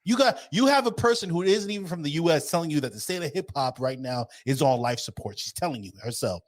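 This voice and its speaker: Man, podcast co-host. Profane, ranting delivery, lively pitch swings. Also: fast talker. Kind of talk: casual podcast banter.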